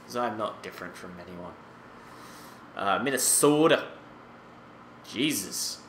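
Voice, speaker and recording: A man's voice: on the low side, lively intonation, unhurried, fairly bright tone, roomy sound, a little hiss or hum. A man in his late twenties giving casual, rambling commentary over a hockey video game and exclaiming at the results. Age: 20s. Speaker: gaming YouTuber.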